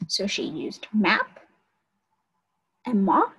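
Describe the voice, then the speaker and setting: A woman's voice: medium pitch, wildly swooping pitch, extremely slow, a bit bright, breathy edge, poor audio. A woman college instructor giving an online lecture and explaining teaching steps to her students.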